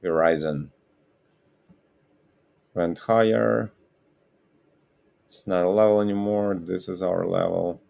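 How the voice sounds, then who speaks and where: A man with a deep, gravelly voice hosts a casual live market stream. He talks slowly and meanders, stopping often to correct himself and apologize. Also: fairly even intonation, muffled recording. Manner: rambling, self-correcting, apologetic. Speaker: trading stream host.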